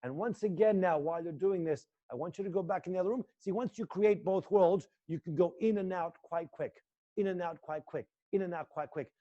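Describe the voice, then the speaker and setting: A male acting teacher guiding students through an intense exercise, swinging between low muttered lines and loud coaching. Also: fairly quick, highs cut off. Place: indoor room.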